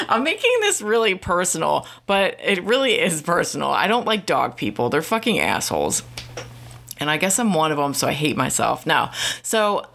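A woman's voice: low voice, a bit bright. A woman ranting casually to camera, irritated and profane, rambling with lots of fillers. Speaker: vlogger.

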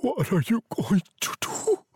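A man's voice: high-pitched, wildly swooping pitch, unhurried, darkish tone, husky, no room sound, studio quality, pitched above the performer's own voice, heavily acted. A man doing a shaky, frightened old man. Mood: scared. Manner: shaky, scared.

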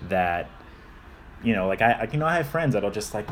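A young podcast co-host talks in long, rambling stretches during a casual chat, repeating himself, restarting often and being self-deprecating. His fairly low voice has lively intonation and a fairly quick pace, with slight background noise.

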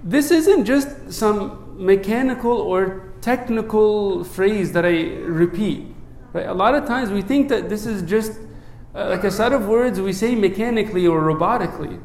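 A man who is a priest, preaching a sermon in an earnest way, often checking in with "right?" and dropping low and soft when he recites a prayer. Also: lively intonation, moderate pace, hardly any pauses, reverberant. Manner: earnest, asks many rhetorical "right?" checks.

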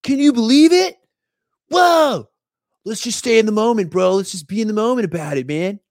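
A man putting on a high, laid-back surfer-dude voice for a young quarterback, drawling in bro-speak. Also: lively intonation, normal speed, darkish tone, no echo, studio quality. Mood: stoked.

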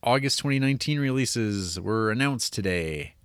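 A man's voice: mid-range voice, expressive, moderate pace, smooth, dry recording. A man co-hosting a podcast, reading out film releases with dry, wry humor. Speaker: podcast co-host. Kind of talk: casual chat.

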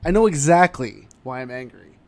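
A man co-hosting a casual sports chat, animated and ranting with sudden loud outbursts. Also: medium pitch, normal speed. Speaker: podcast co-host.

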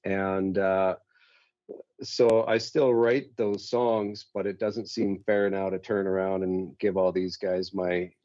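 A man with a very low voice talks in a loose, rambling way, making fun of himself as he goes. The sound is dull and lo-fi, like call audio, and it's dry with no room sound. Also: flat delivery, takes it slowly, dark tone, no room sound. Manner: rambling, self-deprecating, laid-back. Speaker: musician guest, band singer. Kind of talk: casual chat on a call.

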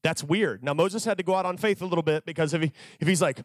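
Male youth preacher, sermon, joking storyteller, high voice, dry close sound. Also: fast talker, no room sound.

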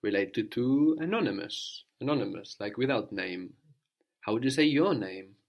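A man teaching a language lesson, patiently prompting and repeating answers slowly. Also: medium pitch, animated, gravelly, lo-fi sound.

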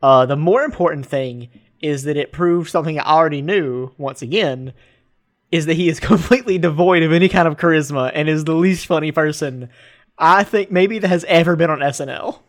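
A man's voice: fairly high pitch, fairly quick. A man co-hosting a casual podcast chat, sarcastic and joking, often laughing as he talks. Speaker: podcast co-host.

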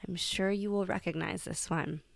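Woman hosting a solo podcast, lowish voice w some fry, dry close sound, chatty and self-mocking. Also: fairly even intonation, normal speed, no room sound. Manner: chatty, laughs at herself, reads quotes aloud. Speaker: podcast host.

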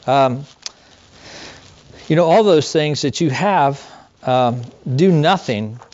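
A man's voice: on the high side, lively intonation, slow pace, darkish tone, highs cut off. A middle-aged man, a pastor, preaching a sermon in an earnest, conversational way with rhetorical questions.

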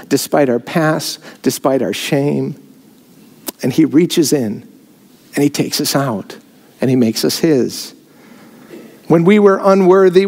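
A man's voice: a little high, creaky, darkish tone. A man preaching a sermon, filmed on camera, rising in emphasis on key phrases. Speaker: pastor. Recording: long hall reverb.

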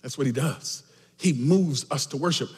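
A man preaching a sermon as pastor, swinging emphatically between shouted lines and quiet asides. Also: mid-range voice, moderate pace. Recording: echoey church hall.

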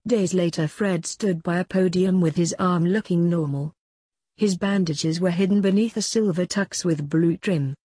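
A woman narrating a story aloud in a plain, even storytelling delivery. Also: fairly low pitch, normal speed, breathy edge, dry recording.

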